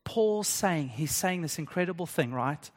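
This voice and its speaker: A man with a notably high voice preaching to his congregation in a conversational, question-asking way. His words ring out with a long reverb in a church hall. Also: animated, moderate pace. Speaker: pastor. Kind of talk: sermon.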